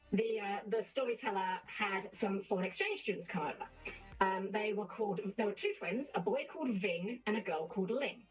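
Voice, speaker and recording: A woman guest chatting casually and telling a rambling story, acting out the characters' lines along the way. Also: medium pitch. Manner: self-mocking. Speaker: vtuber guest.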